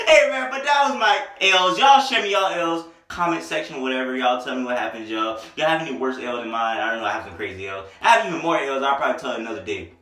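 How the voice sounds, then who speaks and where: A man's voice: medium pitch, lively intonation, fast, hardly any pauses, bright, forceful tone, distant mic. A young man vlogging, telling laid-back, rambling, self-mocking stories in casual talk. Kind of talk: casual storytelling to camera. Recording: echoey room, voice off from mic.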